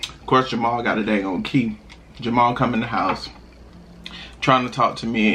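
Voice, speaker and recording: Young guy doing a mukbang vlog, chatty and animated, jumps way up when he laughs, mid voice, faint hum behind. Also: mid-range voice, unhurried, long pauses. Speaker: mukbang vlogger. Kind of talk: casual storytelling while eating.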